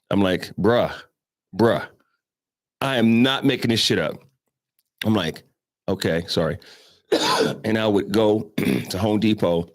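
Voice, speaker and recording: A middle-aged morning show host from Brooklyn, with a New York accent, rambles through profane personal stories in a casual chat, making asides to his listeners. His voice is low-pitched, and the recording is dry and studio quality.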